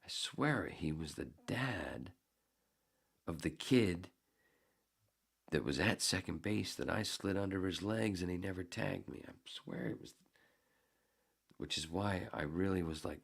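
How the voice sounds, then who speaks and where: A man's voice: low-pitched, measured pace, gravelly, breathy edge. A man in his fifties, a podcast host, telling a story in a casual, heated and profane way. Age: 50s.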